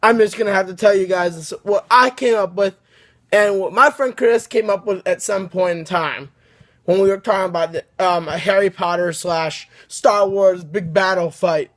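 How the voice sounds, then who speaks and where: A man's voice: high voice, normal speed. A man hosting his own video, rambling casually through a fan story with many restarts. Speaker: video host.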